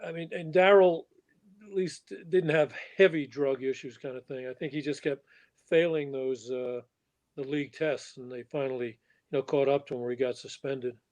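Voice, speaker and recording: A man speaking quietly and hesitantly as a guest in an interview. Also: mid-range voice, steady tone, moderate pace. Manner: quiet, hesitant, filler-heavy. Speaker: co-author guest. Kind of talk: interview chat.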